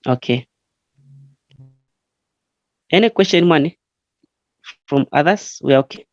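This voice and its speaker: A man's voice: fairly high pitch, expressive, no room sound. Man teaching an online language class. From Zambia. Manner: patient, explains slowly, frequent fillers. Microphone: online call. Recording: muffled online call audio.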